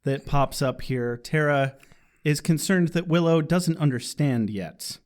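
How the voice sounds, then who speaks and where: A man co-hosting a casual podcast, animated, laughing often and acting out quotes. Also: on the high side, a little slow. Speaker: podcast co-host. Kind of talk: casual chat.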